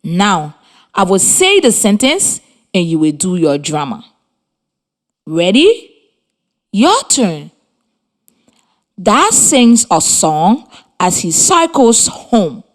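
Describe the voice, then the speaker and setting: Woman radio teacher from Liberia, slow and clear, lively rising pitch, encouraging. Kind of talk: scripted radio lesson for children.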